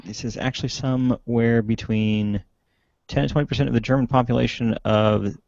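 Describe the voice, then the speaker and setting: A man's voice: medium pitch, moderate pace, gravelly, no room sound, highs cut off. Joking man hosting an online panel. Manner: relaxed, joking moderator reading viewer comments. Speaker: host. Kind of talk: casual panel discussion. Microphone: video call.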